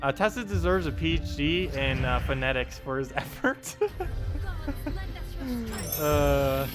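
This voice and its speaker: A man's voice: fairly high pitch, takes it slowly, long pauses. A man streaming a game live, chatting casually and playfully, often breaking into laughter. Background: game music.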